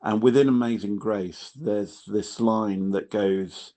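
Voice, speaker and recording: A male podcast host speaks in a measured, reverent manner, lingering over each phrase. He talks slowly in a lowish voice. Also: dark tone. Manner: measured and reverent, dwells on words. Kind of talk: reflective podcast talk.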